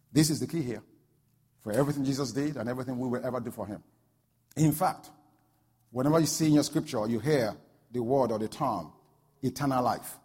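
A man preaching a sermon, telling a story and building to loud, fervent peaks. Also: medium pitch, slightly rough. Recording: long hall reverb.

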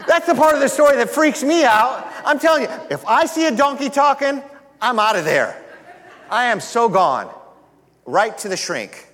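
A male pastor who retells a scripture story in an animated, joking manner during a sermon. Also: very high-pitched, normal speed, in a large hall.

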